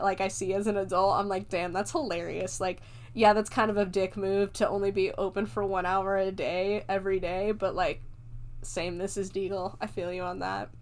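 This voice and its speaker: A woman with a mid-range voice and fairly even intonation hosts a podcast, retelling a film at a moderate pace. Her casual movie review chat is chatty and full of laughter, and she swears freely.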